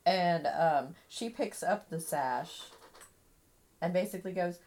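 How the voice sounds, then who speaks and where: Spielerin mit tieferer Stimme. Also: female voice, lowish voice, slow, a little mellow. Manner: describes her character's actions in third person. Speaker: player. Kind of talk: casual tabletop game play.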